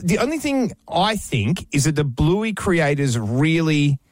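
Male co-host, animated and playful, dry close mic. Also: a little high, measured pace, dry recording. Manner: playful, lively, leading the chat. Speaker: radio co-host. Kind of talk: casual banter.

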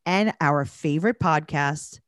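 A woman's voice: sits low, measured pace, dry recording, studio quality. A woman comedian hosting a podcast, chatting casually in a wry, joking way.

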